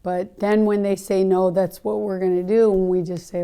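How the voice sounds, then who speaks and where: A woman's voice: mid-range voice, flat delivery, moderate pace, dark tone, clean tone. A woman hosting her own podcast as a natural health practitioner, telling a story in an earnest, heartfelt, rambling way. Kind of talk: casual storytelling monologue.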